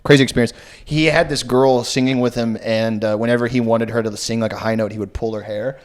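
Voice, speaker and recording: A man's voice: medium pitch, steady tone, a little fast. A man hosting a casual comedy podcast, telling a rambling story full of fillers and swearing. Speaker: podcast host.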